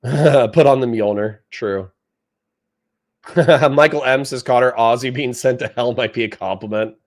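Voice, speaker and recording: A young man streaming live and reading out his chat, swearing and shooting back at viewers in a combative, mocking tone. His voice sits at an ordinary middle pitch for a man. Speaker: streamer reacting to a political clip.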